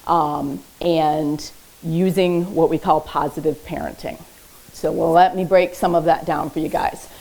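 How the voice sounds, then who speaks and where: A woman therapist with a lowish, mellow voice talks casually about parenting at a public library event, in an informal educational presentation. The recording is low quality. Conversational throughout, she checks in with "okay?" and adds light humor as she teaches.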